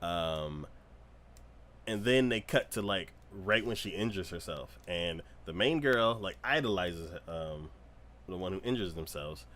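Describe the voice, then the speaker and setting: A man chatting casually on an anime podcast, his voice swinging high and low as he relives a story. His tone is bright and forceful, and he acts out the scenes he describes with squeals and bursts of laughter. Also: animated, unhurried. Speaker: podcast co-host. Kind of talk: casual anime review chat. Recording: livestream podcast.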